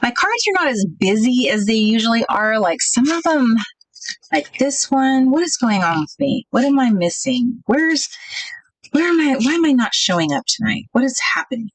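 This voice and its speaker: A woman hosting a casual craft livestream, thinking out loud and chatting with viewers about their comments. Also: a little high, big pitch swings, moderate pace, no echo, low-quality recording. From United States.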